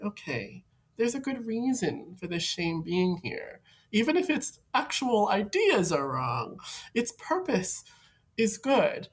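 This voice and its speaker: A woman hosting an advice video, talking reflectively and playfully to camera and laughing often. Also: mid-range voice. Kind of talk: casual advice talk to camera.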